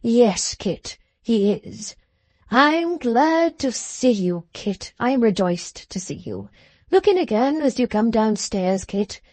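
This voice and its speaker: A woman's voice: fairly high pitch, big pitch swings, slow pace, darkish tone, no room sound, exaggerated voice. A woman doing an oily, fawning male lawyer. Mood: gushing. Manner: unctuous, overly polite, dramatic protests.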